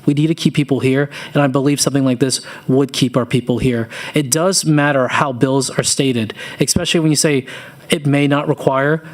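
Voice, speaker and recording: A man's voice: medium pitch, steady tone, moderate pace. A man in his thirties from Louisiana, giving earnest public testimony to a committee as a business owner, telling his story with informal asides.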